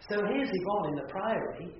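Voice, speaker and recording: A man's voice: high voice, animated, moderate pace, slight background noise. A man preaching a sermon, retelling a scripture scene as a vivid story. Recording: echoey hall, far from mic, dull.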